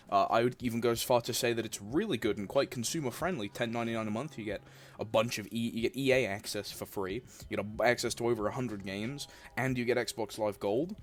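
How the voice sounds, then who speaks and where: A man's voice: medium pitch, quick pace, soft background music. A young man hosting a reaction video, blunt and sarcastic, swearing often. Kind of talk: reaction commentary.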